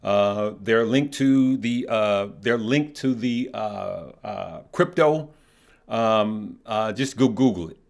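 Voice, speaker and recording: A man's voice: on the low side, takes it slowly, vocal fry. A middle-aged man hosting a live stock market show, talking loosely with viewers, often repeating words and checking in with "right?" and "okay?". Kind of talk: casual live-stream chat reading viewer comments.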